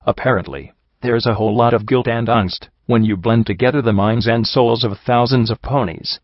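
A man narrating a fan fiction audiobook in a steady, even storytelling manner. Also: medium pitch, moderate pace, dry recording. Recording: dull dry recording.

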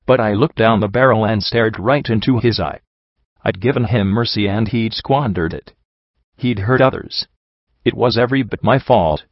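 A man reading a first-person fan fiction story aloud with a steady, even delivery. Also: lowish voice, normal speed, dry recording, dull audio. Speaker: audiobook reader.

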